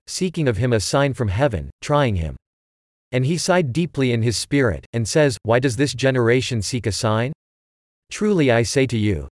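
A man giving a measured scripture reading, phrase by phrase. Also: mid-range voice, darkish tone, no room sound, clean studio sound. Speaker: scripture reader.

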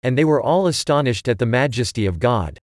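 A man giving a measured, even reading of scripture. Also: medium pitch, no echo, clean studio sound. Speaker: scripture reader.

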